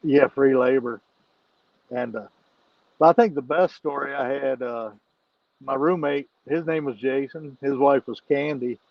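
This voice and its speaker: A man's voice: mid-range voice, a little slow, vocal fry, no room sound, highs cut off. A man telling a rowdy story as a podcast guest, laughing and cursing freely. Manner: laughs often while telling stories, swears freely. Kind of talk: casual storytelling.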